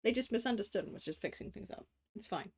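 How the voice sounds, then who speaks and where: A woman's voice: medium pitch, lively intonation, quick pace, creaky, breathy edge. An Australian woman in her late twenties, streaming casual chat while drawing, rambling with many fillers, casual swearing and frequent laughs. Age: late 20s.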